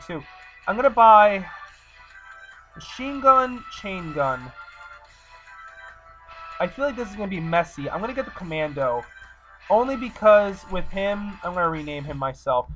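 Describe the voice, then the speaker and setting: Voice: medium pitch, a bit bright. A gamer giving let's play commentary, exasperated and talking back to the game. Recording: slightly muffled recording, faint game music.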